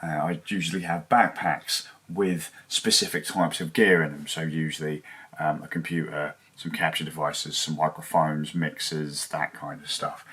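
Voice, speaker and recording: A man's voice: extremely low pitch, flat delivery, moderate pace, fairly bright tone. A man rambling casually and swearing as he laughs at himself over lost gear at home. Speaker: livestreamer.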